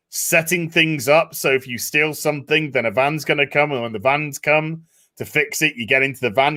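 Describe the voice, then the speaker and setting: Man, bright voice, animated, casual discussion host. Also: a little high. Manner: animated, acts out quotes in voices. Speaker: podcast host.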